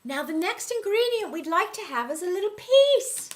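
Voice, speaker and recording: Woman doing a goofy fake cooking show, high voice that swoops all over, teasing. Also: very animated, moderate pace, hardly any pauses, background noise. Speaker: comic cooking demonstrator. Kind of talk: mock cooking show comedy.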